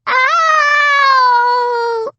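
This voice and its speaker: A woman's voice: very high voice, very slow, pushed and bright, no echo, muffled recording, voice pushed up, heavily acted. A woman voicing a frightened three-year-old girl who wails and sobs in pain. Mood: wailing. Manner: wailing, sobbing pleas.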